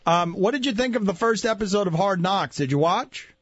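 A man's voice: high-pitched, lively intonation, a little fast, a bit bright, no room sound. A man hosting a sports talk radio interview, teasing his guest and laughing often. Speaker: radio host. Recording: dull lo-fi radio audio.

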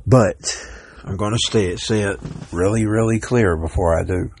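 A man's voice: fairly low pitch, a little slow, darkish tone, slight background noise. A man hosting a solo podcast, rambling and stumbling over words as he reads headlines aloud. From Georgia, US South. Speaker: podcast host.

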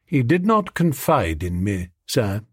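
A man's voice: mid-range voice, very animated, unhurried, no echo, studio quality. A man voicing a formal, reserved manservant who answers in clipped, deferential lines.

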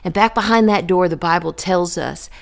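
A woman's voice: lowish voice, moderate pace, vocal fry. A woman sharing her faith testimony in a vivid, dramatic way, repeating herself and building with rhetorical questions.

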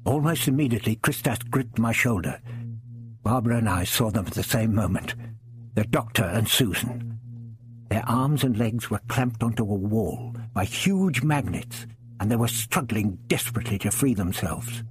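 A man reading a first-person adventure story aloud in a measured, dramatic storytelling manner. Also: mid-range voice, lively intonation, husky, no echo. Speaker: audiobook narrator. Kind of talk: scripted first-person narration.

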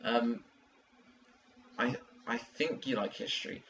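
Man, podcast co-host, bright forceful voice, distant mic with dull sound. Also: mid-range voice, slow, a little hiss or hum. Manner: chatty, self-interrupting. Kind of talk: casual chat.

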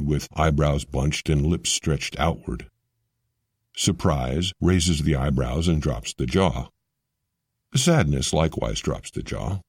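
A man narrates a scripted explainer in a measured, steady way. His voice sits very low and has a husky edge. The recording is dry and close, with no room sound. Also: no room sound.

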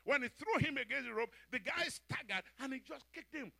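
A man's voice: extremely high pitch, fairly quick, gravelly, no echo. A male preacher giving a sermon, telling stories and acting out the characters with frequent laughter. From Africa. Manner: animated storytelling, acts out characters, laughs often.

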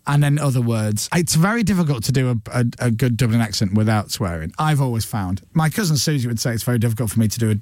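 A man's voice: mid-range voice, dry recording, clean studio sound. Chatty man hosting a radio show. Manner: chatty storyteller, quick and animated. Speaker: radio breakfast show host. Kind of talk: casual studio chat. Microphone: studio microphone.

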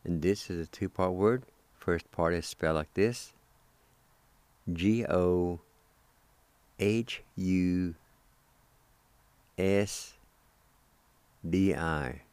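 Here a deep, slightly mellow male voice with a clear, resonant tone leads a radio vocabulary lesson in a dry recording. He goes slowly and carefully, spelling terms and splitting them into syllables while encouraging his listeners.

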